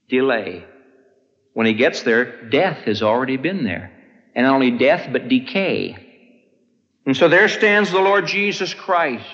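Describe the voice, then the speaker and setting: Guy preaching a sermon, big dramatic swings loud to hushed, long church-hall echo. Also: medium pitch, animated, a little slow, lo-fi sound. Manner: dramatic rises and hushed drops in delivery.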